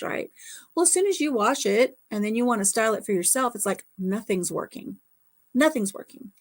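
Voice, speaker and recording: A middle-aged American woman chatting casually with her viewers, telling a long rambling story and repeating her phrases. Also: medium pitch. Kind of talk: casual chat.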